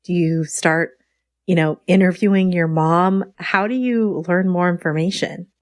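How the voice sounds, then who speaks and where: A woman podcast host asking gentle, probing questions. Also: lowish voice, a little slow, no room sound, studio quality. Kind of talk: interview questions.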